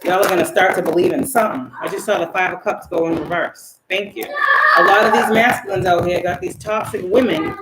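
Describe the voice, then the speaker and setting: Lady doing a tarot reading, preachy and loud then soft, roomy echo, noisy. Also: lowish voice, fairly even intonation, brisk. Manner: emphatic, preachy, swings between loud outbursts and soft asides, swears. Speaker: tarot reader and spiritual channeler. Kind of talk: casual spiritual tarot reading to camera. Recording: echoey room with background noise.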